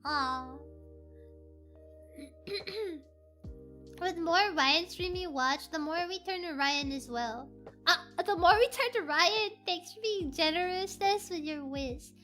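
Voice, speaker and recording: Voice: extremely high pitch, expressive, unhurried, pushed and bright, soft background music. A VTuber streamer chatting casually on a live stream, giggly and playful, reading chat aloud from a home setup.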